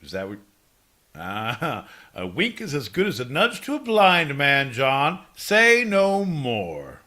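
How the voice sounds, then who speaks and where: A man co-hosting a comedy podcast, playful and theatrical, swinging between loud bursts and mumbled asides. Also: medium pitch, sing-song, a little slow. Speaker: podcast co-host.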